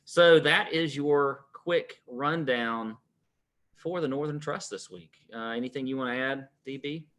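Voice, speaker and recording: Man, golf betting co-host, bright tone, medium pitch, casual stats rundown with fillers. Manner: rapid-fire stats rundown with many fillers.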